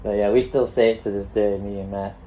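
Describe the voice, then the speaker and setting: Low, mellow-voiced man telling stories. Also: fairly even intonation, quick pace. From California. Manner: laid-back, swears freely, laughs while telling stories. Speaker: guest, pro skateboarder. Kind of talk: casual storytelling.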